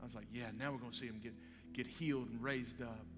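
A man's voice: mid-range voice, fairly even intonation, fast talker. A male pastor, telling a story in a sermon and acting out the dialogue. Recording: live hall with long reverb and faint music.

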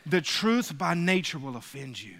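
Bright high-voiced preacher in a hall. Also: male voice, big pitch swings, normal speed. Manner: call-and-response preaching, rising to emphatic peaks. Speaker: pastor. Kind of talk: sermon. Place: church sanctuary. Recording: reverberant hall.

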